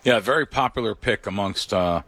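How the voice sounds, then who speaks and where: A man on a sports show talking about betting lines, halting and filler-heavy. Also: lowish voice, a bit bright, no echo. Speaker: sports bettor guest.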